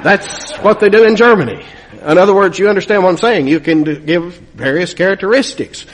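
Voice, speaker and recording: A man's voice: high-pitched, a little fast. A man preaching a sermon from the United States, earnest and building to emphatic peaks, often repeating words as he goes.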